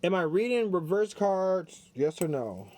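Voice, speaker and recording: High-voiced man giving a chatty tarot reading. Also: very animated, unhurried, darkish tone. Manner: chatty, repeats himself, talks straight to viewers. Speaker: tarot reader. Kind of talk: casual spiritual card reading.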